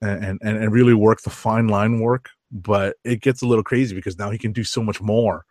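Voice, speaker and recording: A man's voice: on the low side, steady tone, darkish tone, no room sound. Guy cohosting a comics podcast, casual chatty talk, dead dry mic. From New York. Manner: chatty, reads ad copy slowly and deliberately. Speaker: podcast co-host. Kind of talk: casual chat.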